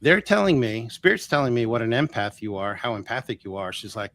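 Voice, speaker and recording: A man telling a personal story as a guest on a live interview show, his pitch rising and dipping as he acts out other people's voices. He talks casually and keeps restarting his sentences. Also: fairly quick, no room sound. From Florida. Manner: animated, acts out quoted voices, restarts often. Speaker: guest healer.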